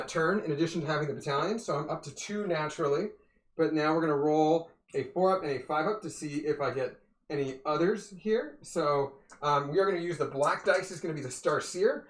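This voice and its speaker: A man's voice: fairly high pitch, brisk, echoey room. A man casually narrating his moves in a tabletop wargame, thinking aloud and talking to viewers as "you guys". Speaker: wargame player and streamer. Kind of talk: casual play-by-play of a tabletop game.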